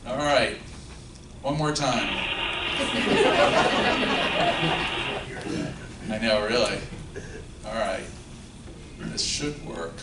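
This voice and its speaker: At a luncheon in a function room, a male legal counsel delivers a live talk, quizzing the audience with jokes at his own expense. He speaks very slowly in a sing-song, medium-pitched voice with long pauses, picked up by a distant mic amid roomy background noise.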